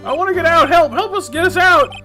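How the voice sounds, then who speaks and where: A man voicing a panicking trapped man who stammers and shouts for help. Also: very high voice, fairly quick, faint music behind, pitched above the performer's own voice. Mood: panicked.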